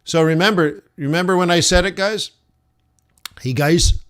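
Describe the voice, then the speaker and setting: A man's voice: sits high, steady tone, background noise. A man live-streaming forex trades, thinking aloud over his charts and talking to viewers as "guys". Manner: slow, musing, talks to chat as "guys". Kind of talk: live trading stream commentary.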